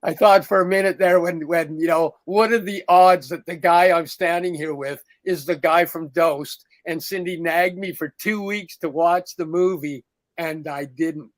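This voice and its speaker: Animated storytelling man, dry close sound. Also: a little high, a little slow, dry recording. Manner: animated, acts out quoted dialogue in a raised voice. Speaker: podcast co-host. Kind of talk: casual storytelling chat.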